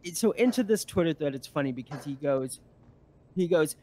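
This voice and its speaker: A man's voice: on the high side, normal speed, darkish tone. A man, a guest on a live stream, telling a story in a rambling casual way with many fillers and restarts.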